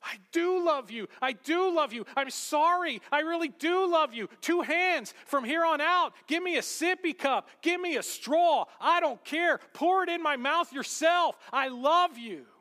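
A man's voice: very high voice, expressive, a little slow, hardly any pauses, bright, forceful tone, pitched above the performer's own voice, heavily acted. A man playing a little boy who pleads frantically after spilling his milk. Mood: pleading. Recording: long hall reverb.

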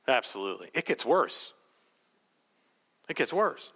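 A man preaching a sermon, emphatic and rhetorical, telling the story with animated asides. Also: mid-range voice, unhurried, slightly rough, big-room sound. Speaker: pastor.

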